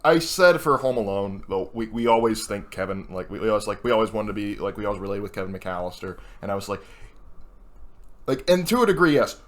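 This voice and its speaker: A man's voice: fairly low pitch, lively intonation, quick pace, fairly bright tone. Rambling man in casual movie chat. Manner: rambling, heavy use of filler "like". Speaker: co-host of a movie list video.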